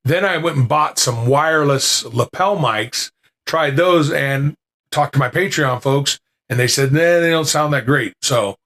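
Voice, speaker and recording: A man's voice: a little high, a little slow, a bit bright. A man hosting a podcast, chatting casually to listeners in a rambling way, with lots of fillers and restarts, into a podcasting mic with noise reduction. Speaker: podcast host.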